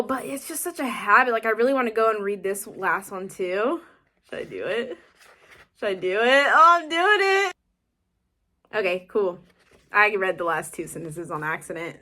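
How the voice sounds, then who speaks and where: Young female book vlogger, casual and excitable, rambles happily. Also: medium pitch. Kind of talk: casual vlog chat.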